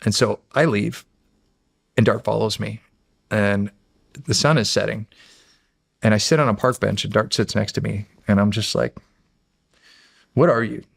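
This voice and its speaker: A man's voice: on the low side, fairly even intonation, normal speed, vocal fry, pauses often, dry recording, studio quality. A middle-aged American man and podcast guest who tells stories casually and animatedly, acting out the voices. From United States. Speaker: podcast guest, former Navy SEAL. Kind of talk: casual storytelling.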